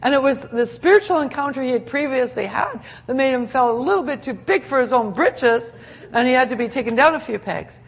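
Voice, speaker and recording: A woman preaching a sermon in an animated way, laughing often and acting out the scenes she describes. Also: high voice, fairly quick, husky.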